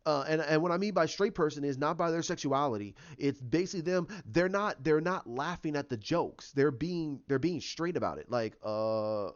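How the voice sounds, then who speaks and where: Male vlogger, fairly high voice, opinionated rant, dull lo-fi sound. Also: lively intonation, moderate pace, hardly any pauses. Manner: opinionated, ranting. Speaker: YouTuber. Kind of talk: casual opinion vlog. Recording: dull lo-fi recording.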